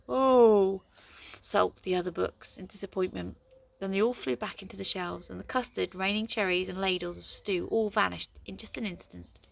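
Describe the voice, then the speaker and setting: A woman reading a storybook aloud in a lively, expressive way. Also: mid-range voice, vocal fry.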